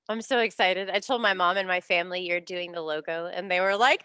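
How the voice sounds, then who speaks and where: A woman hosting a casual chat with a friend, bubbly and gushing, her pitch leaping when she gets excited. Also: brisk, few pauses, smooth, no room sound, studio quality. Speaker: podcast host.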